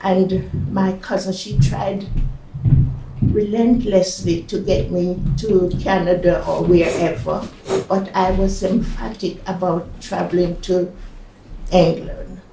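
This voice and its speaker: A woman's voice: on the low side, flat delivery, slow, gravelly, mellow, slight background noise. An older woman from Jamaica with a Jamaican accent, recalling her past in an oral history interview, hesitant, with fillers and restarts. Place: community centre room. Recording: echoey room, mic at a distance.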